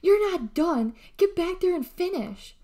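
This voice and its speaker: A woman's voice: mid-range voice, big pitch swings, normal speed. A woman doing a bossy snarling big sister. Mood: yelling. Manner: sharp, bossy, yelling.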